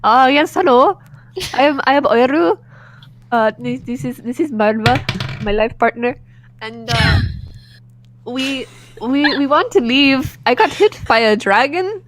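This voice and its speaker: A woman puts on a panicky male traveler in a made-up accent, stumbling over his words and repeating himself. The voice sits high and swoops around a lot. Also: expressive, a little slow, long pauses, slight background noise. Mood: nervous. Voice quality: put-on foreign accent, stammering. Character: frantic nervous male tourist, stammering.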